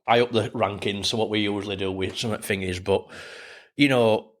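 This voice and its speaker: A male podcast co-host with a lowish voice. He talks in a friendly, chatty way and keeps calling his guest mate. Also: fairly even intonation, moderate pace. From England. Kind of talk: casual podcast interview.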